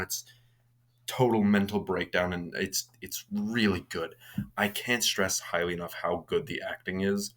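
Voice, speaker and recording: A man's voice: sits low, steady tone, fairly quick, a bit bright. A young man casually retelling a horror movie's plot, rambling with frequent restarts and fillers. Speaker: movie reviewer.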